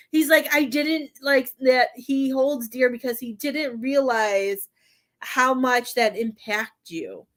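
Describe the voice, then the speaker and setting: This woman's voice is high and a bit bright. She's doing a psychic medium reading on a live stream, wandering through her words with lots of fillers and hesitation, and she grows emotional and chokes up often.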